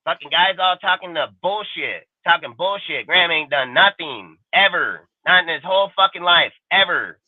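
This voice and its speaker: A man's voice: on the high side, animated, moderate pace, hardly any pauses, no echo. A man ranting about football in a fired-up, profane, repetitive way, as co-host of a live sports show. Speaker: podcast co-host. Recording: dry, tinny phone-like audio.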